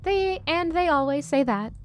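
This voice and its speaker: A woman's voice: sits high, lively intonation, normal speed, faint music behind, pitched above the performer's own voice. A woman voicing a sardonic, teasing cafe barista in a game, dry and mocking, with a put-on Australian accent.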